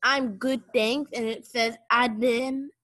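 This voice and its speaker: A woman's voice: on the high side, fairly even intonation, slow pace, noisy background. A woman student politely asking her teacher a question during a lesson.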